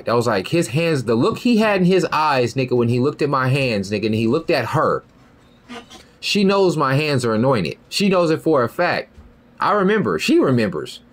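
Young guy rambling on his podcast, cussing, pitch all over the place, always going "you feel me". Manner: rambling, profane, keeps asking "you feel me". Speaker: podcast host. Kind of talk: casual monologue.

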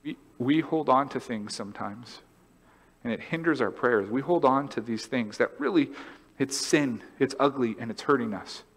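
Animated man preaching in a reverberant church. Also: medium pitch. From California. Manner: animated, storytelling, acts out voices and laughs. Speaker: pastor. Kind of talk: sermon. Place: church sanctuary.

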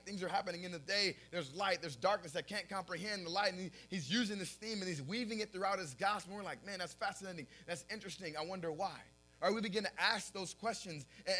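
A young man preaching in a high, bright voice. He talks casually, with lots of fillers, and often breaks into laughter as he tells his stories. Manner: animated storytelling, often laughing at his own story; casual filler-heavy talk. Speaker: pastor. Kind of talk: sermon.

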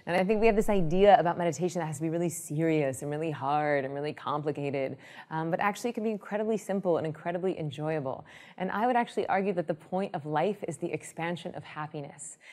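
Low-voiced woman teaching meditation. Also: fast. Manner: lively storyteller, acts out quoted people. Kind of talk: explanatory talk on meditation.

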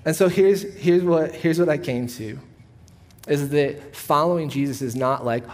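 A man who is a pastor, preaching a sermon in a church auditorium. He talks in a relaxed, conversational way, telling stories with a joking edge. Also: on the high side, measured pace. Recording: long reverb of a church hall.

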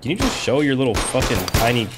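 A man's voice: medium pitch, sing-song, quick pace, very noisy. Profane, frustrated young gamer man. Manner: profane, frustrated, yelling in bursts. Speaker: gaming YouTuber. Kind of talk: gameplay commentary.

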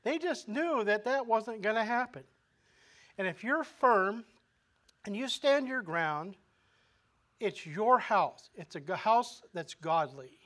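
A man with a fairly high voice for a man preaches a sermon in a relaxed, conversational manner. He asks the congregation questions and often restarts his words mid-phrase. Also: takes it slowly. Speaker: pastor.

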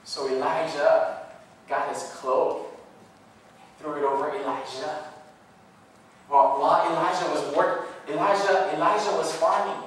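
A man preaching a sermon, swinging from loud bursts to hushed tones when he quotes God softly. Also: fairly high pitch, fairly even intonation, unhurried, pauses often, a little hiss or hum. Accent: Californian. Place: church hall. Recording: echoey hall from far off.

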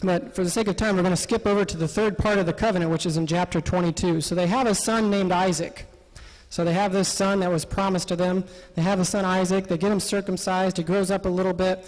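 Man, high voice, Bible study teacher, animated and laughing, long reverb of a parish hall. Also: fast talker. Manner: animated, often laughing, acts out quotes. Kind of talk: lively Bible study talk.

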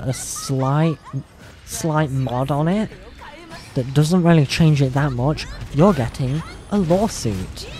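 A woman streaming casually, rambling and cursing between giggles as she practises a higher voice. She talks at a slow, unhurried pace in a soft, mellow tone. Faint music plays underneath. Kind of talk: casual livestream chat.

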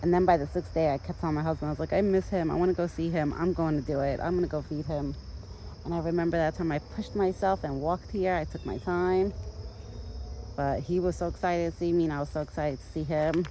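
A woman casually vlogging outdoors in a yard, rambling in a chatty way and cooing softly in a high voice to soothe her deer. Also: fairly even intonation, fairly quick, slight background noise, rough recording. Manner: rambling and chatty, full of "like" and "you know". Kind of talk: casual outdoor vlog chat. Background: crickets and outdoor nature sounds.

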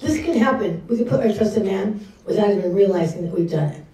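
Captured from afar in an echoey church hall, this middle-aged woman addresses a church women's session with a candid, chatty sermon, frequently playing out how she reacted. Her mid-range voice has a dark tone, lively intonation and a quick pace.

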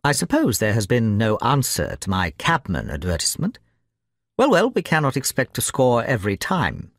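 A man reading Sherlock Holmes, brisk and sure. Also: mid-range voice, wildly swooping pitch, no room sound, clean studio sound. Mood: assured. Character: brisk, confident, teasing male detective.

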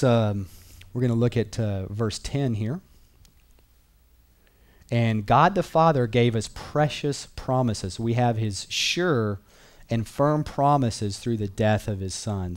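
A man's voice: mid-range voice, a little mellow. A man teaching a Bible class in an earnest, conversational way, repeating key phrases and reading verses aloud.

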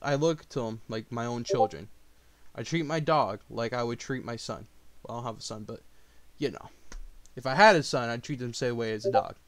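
A man reacting to a diss track in a heated, profane rant that swings between low grumbling and outbursts. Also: brisk, dry recording.

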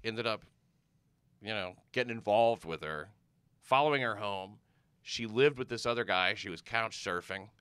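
With a low-leaning, slightly bright voice and a moderate pace, an American comedian guest chats casually, and the sound is clean with no echo. He's a rambling storyteller who keeps restarting and drifts off with fillers.

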